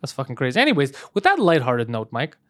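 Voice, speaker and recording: A man's voice: medium pitch, huge pitch swings, fast talker, fairly bright tone, no room sound, studio quality. A man co-hosting a podcast, reading news aloud in loose, joking banter and swearing freely. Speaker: podcast co-host.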